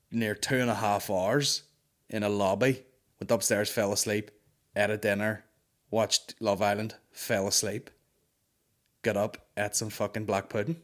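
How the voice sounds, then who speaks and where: A man hosting a comedy podcast, telling a story in an exasperated, sweary ranting way. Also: on the low side. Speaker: podcast host. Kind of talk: comic storytelling rant.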